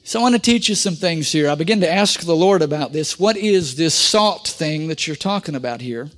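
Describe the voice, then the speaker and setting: A man's voice: on the high side, lively intonation, a little fast. A male pastor preaching a sermon in a church, leading the congregation in call-and-response with rhetorical questions and humorous asides. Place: church sanctuary.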